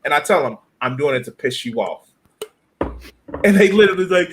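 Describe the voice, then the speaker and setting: A man's voice: fairly high pitch, a little fast, pauses often, slight background noise. A man, a guest YouTuber, telling boastful stories in a casual chat and laughing often. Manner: animated, boastful storytelling with laughs.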